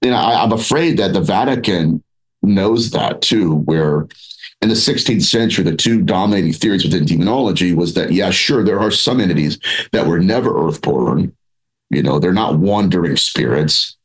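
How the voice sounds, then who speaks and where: A man speaking as a guest in a podcast interview, animated and rambling with restarts, acting out quoted voices as he talks. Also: low-pitched, normal speed, low-quality recording. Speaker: paranormal researcher and author, podcast guest. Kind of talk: conversational interview.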